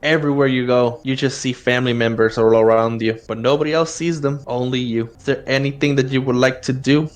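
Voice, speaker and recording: A man's voice: mid-range voice, steady tone, a little fast, few pauses. Man, game master, casual narration, laughs a lot, horror tabletop game.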